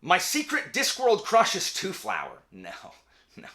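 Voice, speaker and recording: Young male host, casual and animated, bright voice, prone to rants. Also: high-pitched. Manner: animated, ranting, quick asides. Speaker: channel host; teacher. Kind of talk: casual chat.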